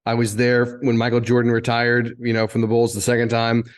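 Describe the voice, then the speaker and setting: Speaking fairly quickly in a clean, middle-pitched voice, a fiftysomething Indiana native shares lively stories as an interview guest about his time as a TV sports and entertainment reporter. He frequently doubles back and restarts sentences as his anecdotes unfold.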